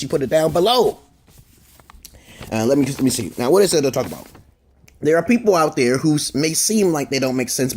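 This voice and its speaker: A man's voice: medium pitch, a little mellow. A man vlogging a rambling opinion monologue, often stopping to ask "okay?" and restarting his words, with casual swearing.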